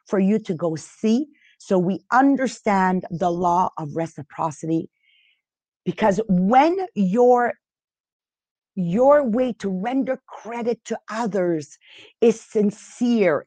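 Woman host, halting and restarting, dry close sound, mid pitch. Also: a little mellow, dry recording. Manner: halting, restarts often, unsure of pronunciation. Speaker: podcast host leading a reading group. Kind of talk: casual spoken teaching.

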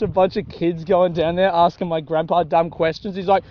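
A man's voice: sits high, measured pace, long pauses. A young Australian man chatting casually while walking along a grassy rural track, swearing often and laughing at his own jokes. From South Australia. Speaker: vlogger. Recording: dull lo-fi audio with faint noise.

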